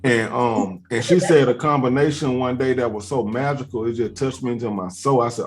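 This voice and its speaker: A man's voice: medium pitch, normal speed. Laid-back man spinning a long story. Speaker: host. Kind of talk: casual chat, storytelling.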